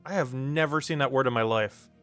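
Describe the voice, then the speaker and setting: A man's voice: medium pitch, a little fast, fairly bright tone, clean tone, faint music behind. A man streaming a game, rambling casually with many fillers and frequent laughter. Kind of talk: casual game livestream commentary.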